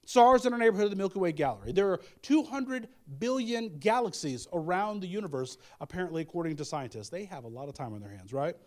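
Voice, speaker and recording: A man's voice: high voice, sing-song, fast talker, few pauses, a little mellow. A man preaching a Christmas sermon in a conversational way, with asides, repeated phrases and restarts. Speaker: pastor.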